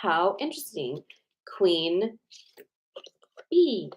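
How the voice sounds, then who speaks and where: A woman's voice: on the low side, big pitch swings, extremely slow, rough recording. A woman in her forties hosting a casual livestream, chatty and rambling, reading cards to viewers and full of "like" fillers.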